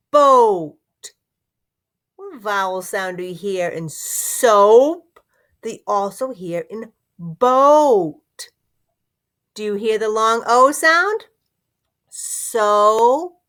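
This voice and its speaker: A woman teaching phonics to young children, sounding out words slowly and encouraging them, sometimes dropping to a whisper. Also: mid-range voice, a bit bright.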